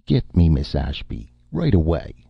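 A testy, sarcastic man snaps his words in a low, restrained voice, as a man acts him out. His voice is very deep and husky, with lively swings in pitch. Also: unhurried, no room sound, full character voice. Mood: angry. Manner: curt, sarcastic, restrained anger. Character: irritable male film writer, curt and sarcastic. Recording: muffled lo-fi recording.

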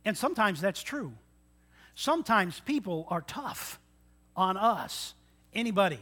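A man's voice: sits high, sing-song, a little slow, sharp tone. A man preaching a sermon, earnest and folksy, often putting questions to the congregation. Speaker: pastor.

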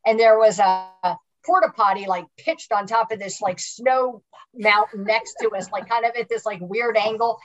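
A woman's voice: a little high, normal speed, highs cut off. A woman guest on a podcast, chatting frankly and telling stories. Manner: frank, anecdotal storyteller. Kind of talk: casual chat.

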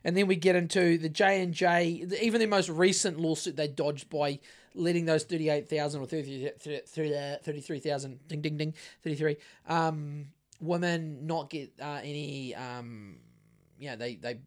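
A man's voice: a little high, fairly even intonation, moderate pace. A man co-hosting a casual podcast, rambling and swearing through many restarts. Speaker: podcast co-host. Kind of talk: casual conspiracy podcast chat.

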